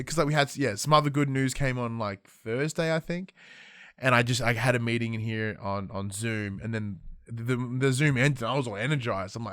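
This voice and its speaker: A man's voice: mid-range voice, normal speed, no echo, studio quality. An Australian man in his thirties hosting a podcast, chatting casually and acting out quotes as he tells stories. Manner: animated storytelling with acted-out quotes. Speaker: podcast host. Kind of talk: casual chat.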